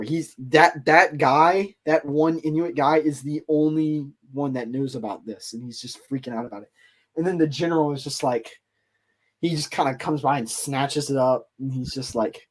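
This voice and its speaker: Man, podcast host, slightly high voice, casual rambling storytelling. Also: moderate pace. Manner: rambling, filler-heavy retelling.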